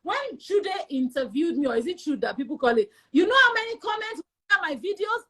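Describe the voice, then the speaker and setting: Animated high-voiced Nigerian woman. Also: a little fast. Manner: emphatic and animated, acts out quoted voices. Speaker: interview guest. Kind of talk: candid personal storytelling in an interview.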